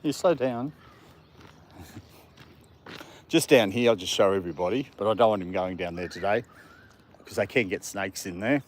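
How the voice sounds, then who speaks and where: A dog-walking vlogger chats on a live stream in a park, sometimes talking to his dog. His fairly low voice keeps a measured pace and pauses often; faint outdoor noise is present.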